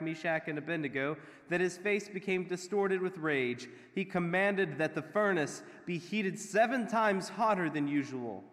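Guy doing a dramatic bible reading in church, kinda high voice, long echo in the hall. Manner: expressive, raising voice for the king's lines. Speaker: scripture reader. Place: church sanctuary.

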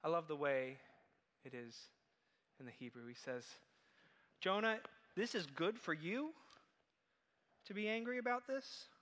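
A man preaching a sermon, telling a story in a lively way and acting out the quoted voices. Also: fairly high pitch, measured pace, long pauses, in a large hall. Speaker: pastor.

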